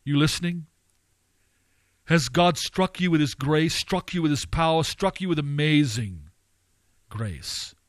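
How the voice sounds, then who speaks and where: Male preacher, fairly high voice, dry close sound, fervent and questioning. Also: lively intonation, a little slow, pauses often, no echo. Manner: impassioned, surging to fervent high-pitched pleading; rhetorical questions to listeners. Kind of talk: radio sermon.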